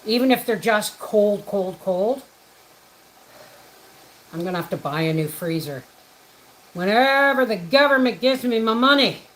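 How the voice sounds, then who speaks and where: In a low-quality recording, a woman with an expressive, mid-range, slightly bright voice speaks a little slowly, leaving long pauses. She's hosting a homestead livestream from her home kitchen, cooking, chatting casually, and greeting viewers by name.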